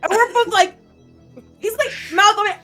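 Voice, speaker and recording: A woman at a tabletop game telling what happened in an animated, laughing way. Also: very high voice, moderate pace, faint music behind. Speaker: player. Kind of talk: casual chat at a game table.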